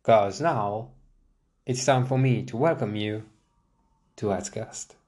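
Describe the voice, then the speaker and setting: Speaking slowly in a lowish, slightly mellow voice, a young man rambles and jokes at his own expense on his solo podcast. He sits in a chair at a desk microphone, restarting and laughing often.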